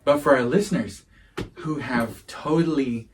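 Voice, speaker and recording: A man's voice: mid-range voice, unhurried, recorded from a distance, a little hiss or hum, poor audio. A middle-aged man hosting a podcast, speaking in a heartfelt, earnest way. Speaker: podcast host. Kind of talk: casual chat.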